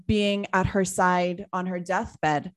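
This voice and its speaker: A woman in her thirties from Trinidad, speaking in a thoughtful interview with many pauses as she searches for words. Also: lowish voice, steady tone. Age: 30s. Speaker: guest, business owner. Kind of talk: reflective interview answer.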